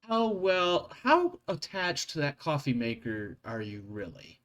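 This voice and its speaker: A man voicing a guarded young female crew member who makes dry, measured quips. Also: fairly high pitch, sing-song, fairly bright tone. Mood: wry.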